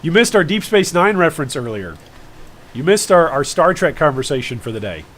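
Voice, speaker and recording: A man's voice: on the high side, sing-song, fairly quick, fairly bright tone. A man streaming a game live, chatting casually and rambling with jokey asides to his viewers. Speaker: gaming streamer.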